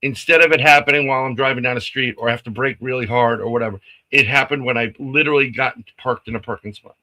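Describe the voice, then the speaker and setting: A man's voice: mid-range voice, quick pace, poor audio. A man casually telling a story on a live stream, acting out the lines of people in it and laughing often. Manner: animated, acts out quotes, laughs often.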